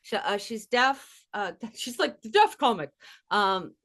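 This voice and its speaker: A woman in her fifties hosting a podcast, trading quick jokes and laughing often in casual chat. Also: on the high side, big pitch swings, fairly bright tone. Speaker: podcast host.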